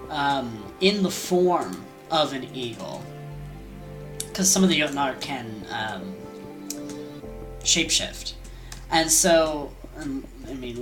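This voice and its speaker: A woman casually retelling an old myth, rambling with fillers, asides and slang. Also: a bass voice. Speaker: storyteller.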